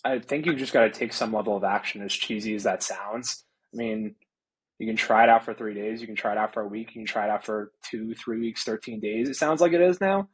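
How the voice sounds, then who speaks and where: Man, late twenties, husky voice, relaxed casual talk, filler-heavy, interview guest. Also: lowish voice, a little fast, rough recording.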